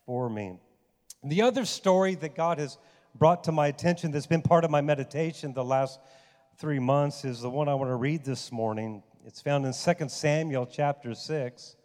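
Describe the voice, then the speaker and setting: A man's voice: a little high, moderate pace, a little mellow. A male pastor preaching a sermon, telling a personal story and building to emphatic, raised passages. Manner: storytelling, rising to emphatic outbursts. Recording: long hall reverb.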